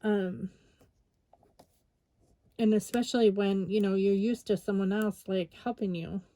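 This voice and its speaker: A woman's voice: mid-range voice, fairly even intonation, unhurried, warm tone, no room sound. An exhausted woman chatting casually while she crafts, rambling with lots of fillers. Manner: rambling, tired, many fillers. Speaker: scrapbooking vlogger.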